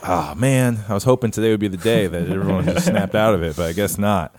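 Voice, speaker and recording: A man with a lowish, slightly mellow voice talks fast as co-host of a casual podcast, rambling with lots of fillers and restarts. He's recorded remotely over an internet call.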